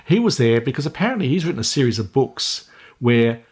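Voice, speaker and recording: A man's voice: mid-range voice, sing-song, a little fast, slightly rough. A man co-hosting a film podcast in casual chat, rambling with restarts and self-deprecating jokes. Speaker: podcast co-host.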